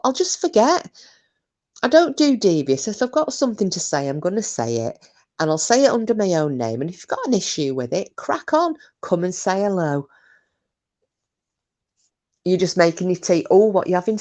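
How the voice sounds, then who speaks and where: Woman on a livestream, low voice, blunt and sweary, chatting and reading out comments. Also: a little mellow. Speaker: livestream host. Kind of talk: casual chat reading out live comments.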